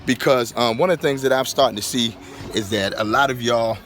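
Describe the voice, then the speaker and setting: A middle-aged man, a pastor and author, chatting casually to his viewers on a phone inside a car, repeating his points and getting animated when riled. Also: medium pitch, fairly quick. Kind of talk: casual vlog talk to viewers.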